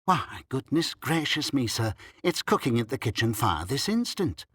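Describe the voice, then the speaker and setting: A man's voice: sits high, expressive, measured pace, a bit bright, no echo, studio quality, voice pushed up. A man doing an eager inn landlady. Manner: eager and exclaiming.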